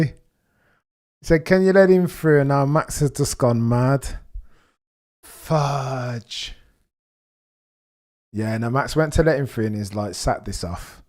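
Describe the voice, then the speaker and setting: A young man hosting a live race watchalong, commentating casually and reacting with excitement. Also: mid-range voice, takes it slowly, pauses often. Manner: excitable, exclaims and gasps at on-track action.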